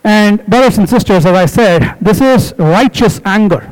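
Male preacher, high voice, emphatic and repetitive, sermon delivery. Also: animated, moderate pace, low-quality recording. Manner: emphatic, repetitive exhortation, explains words.

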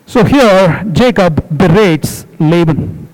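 A man with a high voice preaches a sermon to his congregation. He drives each point home with emphatic repetition and stops to explain words along the way. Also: normal speed, low-quality recording.

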